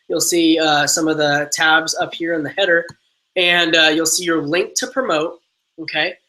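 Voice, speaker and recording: A man's voice: on the high side, low-quality recording. A man leading a live online team training, coaching energetically with lots of ums and uhs. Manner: energetic motivational coaching, many fillers.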